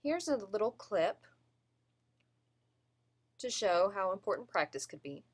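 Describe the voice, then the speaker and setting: Woman presenting to class, pitch goes all over, explains and stresses words to show emphasis. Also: sing-song, unhurried. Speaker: student presenter.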